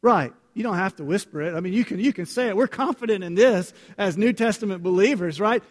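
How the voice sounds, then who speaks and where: Male pastor, lightish voice, warm direct sermon delivery with Bible readings, echoing sanctuary. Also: sits high, a little fast. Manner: earnest, conversational, addresses congregation directly. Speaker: preacher. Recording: long hall reverb.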